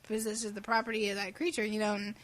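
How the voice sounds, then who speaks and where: A woman co-hosting a casual gaming podcast, giggly and animated, who often acts out silly voices. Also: medium pitch, fast. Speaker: podcast co-host.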